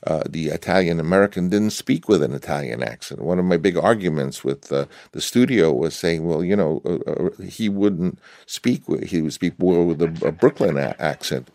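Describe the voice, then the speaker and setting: An older man in an archival interview clip, talking haltingly with many fillers and restarts. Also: sits low, lively intonation, creaky, darkish tone, no echo. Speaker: interviewed film director.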